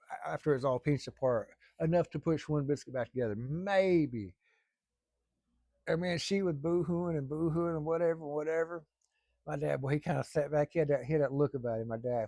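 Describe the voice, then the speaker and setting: A man's voice: a little high, mellow, no echo, clean studio sound. A middle-aged man telling a long family story in a rambling, folksy way, with casual swearing. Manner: rambling, folksy, salty language.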